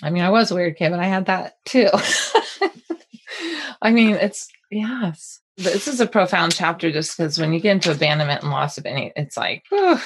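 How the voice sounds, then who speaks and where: A woman's voice: on the low side, moderate pace, slight background noise. A middle-aged woman co-hosting a podcast, telling a personal story in casual, rambling chat with many restarts. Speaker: podcast co-host.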